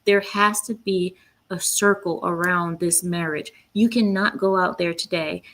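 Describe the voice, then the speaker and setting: A woman's voice: on the low side, steady tone, unhurried, a bit bright. A woman hosting her own commentary channel, speaking bluntly and with indignation, often breaking off to read quotes aloud. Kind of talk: opinionated solo commentary.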